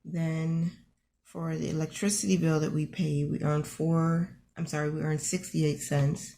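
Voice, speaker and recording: A woman with a rough morning voice walks through her family's weekly card expenses, friendly and encouraging as she talks the numbers through aloud. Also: low-pitched, flat delivery, a little slow, mellow, a little hiss or hum. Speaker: budgeting channel host. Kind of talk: casual screen-share budget walkthrough.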